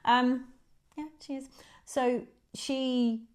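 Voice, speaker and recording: A woman in her forties, a guest chatting casually, laughing often, her voice jumping up when she gets excited. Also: sits high, drawn-out words. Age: 40s. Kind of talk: casual chat.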